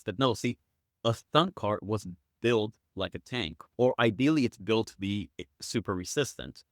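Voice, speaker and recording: A man's voice: lowish voice, lively intonation, moderate pace, no echo, clean studio sound. A man guesting on a podcast, chatting casually and acting out quotes with enthusiasm. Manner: enthusiastic storyteller, acts out quotes.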